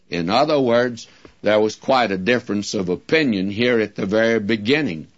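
Speaking directly to his audience, a man with a voice on the low side delivers a folksy Bible-study sermon at a slow, deliberate pace. The audio sounds dull.

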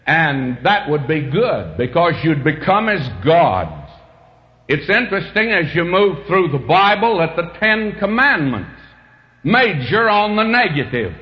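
A man preaching a sermon, slow and emphatic with dramatic swings in pitch. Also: very animated, dull audio.

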